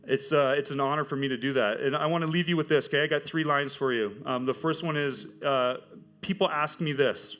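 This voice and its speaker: A middle-aged man telling his church testimony as a teacher, with animated storytelling. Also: on the high side, brisk. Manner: animated storytelling, acts out quoted voices. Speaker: high school teacher giving a testimony.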